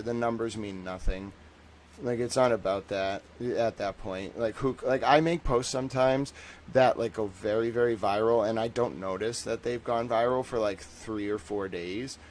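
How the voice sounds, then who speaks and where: Poor audio captures a young male livestream host whose voice sits on the low side. His talk is loose and jokey, wandering from point to point, stuffed with fillers, and broken up by voices he acts out.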